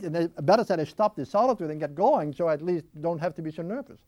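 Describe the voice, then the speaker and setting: A man speaking as an interview guest, talking reflectively and expressively at his home, full of restarts and quick bursts. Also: a little high, no echo. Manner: animated and expressive, with many restarts. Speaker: interview guest, spiritual writer. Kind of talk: reflective interview talk on prayer. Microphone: filmed interview mic.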